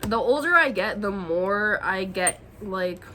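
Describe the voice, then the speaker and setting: Young woman tarot reader, bright voice, brash slangy delivery, faint room noise. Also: medium pitch, expressive, slow, low-quality recording. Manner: profane, slangy and emphatic. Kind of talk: casual tarot reading to camera.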